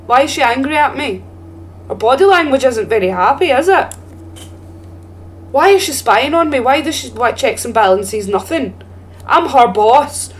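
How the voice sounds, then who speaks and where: This is playful let's-play talk from a woman streaming a game, her voice a bit high against faint background noise. She keeps up chatty, giggly commentary and pokes fun at herself.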